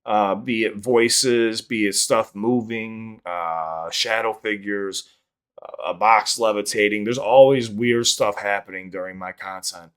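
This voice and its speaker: A man's voice: fairly low pitch, fairly even intonation, measured pace, fairly bright tone, clear, resonant tone. A man telling stories casually from his home office, rambling and swearing, with lots of fillers and restarts. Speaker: YouTube content creator. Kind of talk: casual storytelling to camera.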